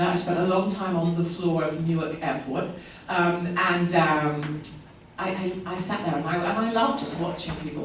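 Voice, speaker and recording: A woman from England with an English accent, giving a chatty, animated Q&A talk to a live audience with laughing asides. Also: lowish voice, a little hiss or hum. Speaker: guest speaker. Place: event hall. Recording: echoey hall, mic far off.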